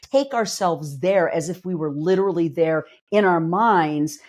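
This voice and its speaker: Lower-voiced woman psychologist explaining earnestly. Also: expressive, measured pace, darkish tone. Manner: earnest, explanatory, emphatic, uses everyday examples. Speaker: clinical psychologist and life coach. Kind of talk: casual podcast conversation.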